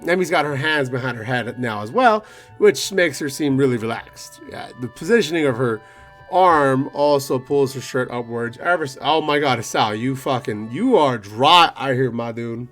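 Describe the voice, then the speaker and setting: A man's voice: mid-range voice, expressive, normal speed, a bit bright, soft background music. A young man hosting a let's play, reading a visual novel aloud with profane, rambling, joking asides, slightly out of breath. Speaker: gaming video host.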